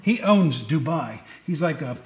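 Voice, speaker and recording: A man's voice: fairly high pitch, animated, a little slow, a little mellow, roomy sound. A middle-aged man preaching a casual sermon, chatty and joking with the people in front of him. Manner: chatty, joking asides to the congregation. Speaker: pastor. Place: church.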